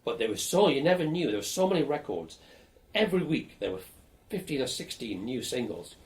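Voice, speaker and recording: An older man being interviewed for an oral history, telling lively, blunt stories about his student days. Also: medium pitch, fairly quick. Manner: lively storyteller, animated and blunt, swears casually.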